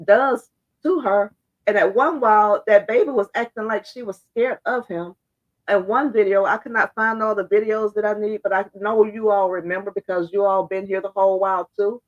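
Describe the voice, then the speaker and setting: A woman giving blunt, fired-up opinion commentary straight to her viewers, her voice hoarse and congested. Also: mid-range voice, muffled recording. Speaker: social media commentator.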